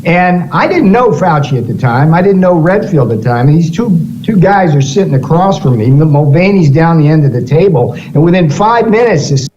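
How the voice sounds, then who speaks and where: A man recounting an anecdote in an interview clip, telling it briskly with acted-out quotes and chuckles. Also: on the high side, expressive, darkish tone. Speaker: interviewed former official. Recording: dull, lo-fi audio clip with faint noise.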